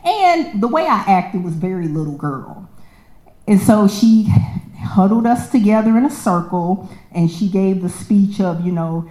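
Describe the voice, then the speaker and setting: A woman telling a personal story in a casual, lively way, acting out the voices of the people in it. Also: mid-range voice, unhurried. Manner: animated, acts out quoted voices, laughs often. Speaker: storyteller sharing a personal testimony. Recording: echoey room.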